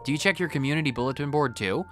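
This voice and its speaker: A man's voice: a little high, animated, racing, a bit bright, faint music behind. Chatty young village woman, as a man reads her lines. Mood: friendly. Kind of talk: reading game dialogue aloud.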